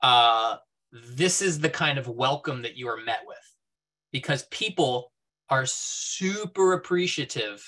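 A man's voice: medium pitch, animated, measured pace, bright, forceful tone. A man giving an enthusiastic, casual talk over a video call, telling stories with lots of "like" and "you know.". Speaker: guest speaker.

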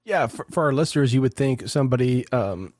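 A man co-hosting a podcast, chatting casually as he gropes his way through questions with restarts and fillers. His voice is mid-pitched and the sound is close and dry. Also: animated, a little fast, a little mellow, no room sound. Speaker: podcast co-host. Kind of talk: casual interview chat.

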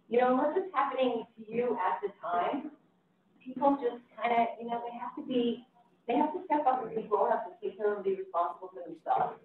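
A woman's voice: on the low side, a little hiss or hum. A woman block captain talking at a community meeting, rambling with fillers and restarts, her voice throaty in the morning. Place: city meeting room. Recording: echoey hall, far from mic, phone-like.

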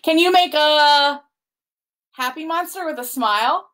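A woman's voice: sits high, animated, unhurried, fairly bright tone. A woman working as a children's librarian, hosting a kids' storytime in a library with drawing and booktalks. She asks the children lots of coaxing questions in a sing-song way.

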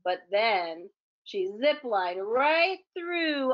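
Brief: unhurried woman teacher reading a storybook to kids, a touch high, slightly dull lo-fi recording. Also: lively intonation, a bit bright. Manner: chatty asides to young listeners. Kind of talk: reading a picture book aloud to children.

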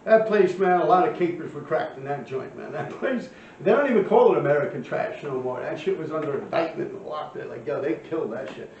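A man's voice: fairly high pitch, expressive, fast talker, creaky, few pauses, darkish tone, slight background noise. A man, casually telling a rambling, profane street story full of fillers. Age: 50s. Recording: echoey, distant, muffled room recording with faint ambience.

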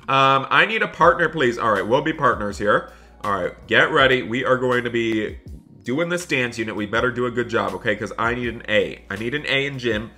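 A man hosting a gaming channel, talking excitedly to viewers while role-playing a school day in a game. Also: mid-range voice, fairly quick. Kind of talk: Roblox role-play commentary.

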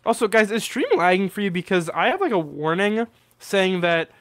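A man's voice: sits high, moderate pace, fairly bright tone, no room sound, studio quality. A young man livestreaming a game with a friend, chatting casually and joking around. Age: young adult. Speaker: gaming streamer. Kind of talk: casual gaming livestream chat.

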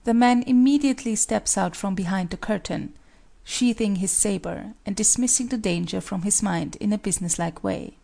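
A woman narrating the stage directions of an audiobook play in an even, measured reading. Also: medium pitch, vocal fry.

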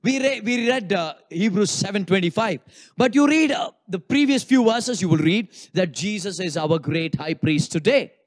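A male pastor preaching a sermon in an animated way, playfully acting out what people think during worship. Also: sits high, normal speed. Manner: animated, acts out congregants' inner thoughts with humor.

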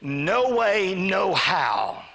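A man's voice: high voice, very animated, extremely slow, sharp tone. A man preaching a sermon to a church congregation, calling for amens and acting out the voices of the people in his story. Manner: call-and-response preaching, asks congregation to say amen; acts out voices of a greedy man and of God. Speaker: pastor. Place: church sanctuary.

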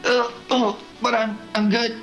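A woman's voice: a little high, level tone, a little slow, rough recording. A woman joking dryly with friends during a voiced game session. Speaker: fan dub player. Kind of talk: casual gameplay banter. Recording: game music clear behind.

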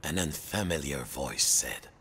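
A man's voice: very deep voice, animated, measured pace, sharp tone, slight background noise. A man narrating a game story in a playful, theatrical storybook manner.

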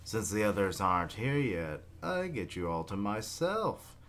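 A man voicing a cool, detached young male swordsman in a flat, deadpan reading. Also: fairly low pitch, measured pace.

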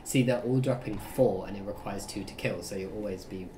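A man's voice: lowish voice, fairly quick, mellow. A man co-hosting a casual let's-play, giving teasing directions to the player. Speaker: co-host coaching the player. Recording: roomy mic with background noise.

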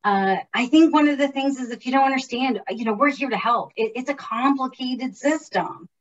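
A woman's voice: sits high, moderate pace, distant mic, dull audio. A woman who directs public policy, chatting informally about the legislative process with many fillers and restarts. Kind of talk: casual informational chat.

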